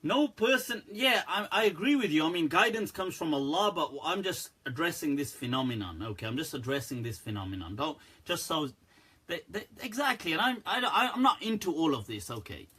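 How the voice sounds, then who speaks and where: Animated, husky man answering questions. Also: fairly high pitch, fairly quick. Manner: candid, animated, laughs often. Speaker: Islamic scholar answering viewer questions. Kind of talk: live Q&A stream.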